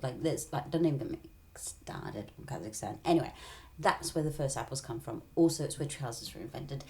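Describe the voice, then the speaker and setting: A woman's voice: sits low, sing-song, fairly quick, a little mellow. A woman in a rambling, tangential casual monologue, often dropping into whispered asides.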